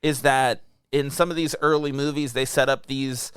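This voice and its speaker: A man's voice: medium pitch, fairly even intonation, moderate pace, fairly bright tone, smooth, dry recording, clean studio sound. A young man co-hosting a podcast, chatting casually in a laid-back, rambling way with chuckles. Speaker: podcast co-host. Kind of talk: casual chat.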